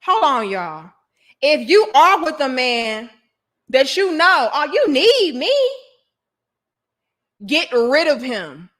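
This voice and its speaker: Woman host, thirties, high voice, blunt live-stream commentary with a preachy, emphatic delivery. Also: big pitch swings, takes it slowly, a bit bright. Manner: preachy and emphatic, addresses viewers directly as sis and brothers. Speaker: host of a live online talk show.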